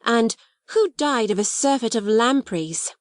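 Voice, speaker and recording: A woman's voice: fairly high pitch, lively intonation, measured pace, no room sound. A woman doing a frank, reflective schoolgirl. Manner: reflective, plain-spoken.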